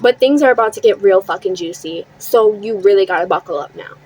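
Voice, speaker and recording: A woman's voice: mid-range voice, a little mellow, breathy edge, low-quality recording. Blunt, profane young woman telling a story. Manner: blunt and profane, quotes others in quick asides. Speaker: storytime vlogger. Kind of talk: casual storytime.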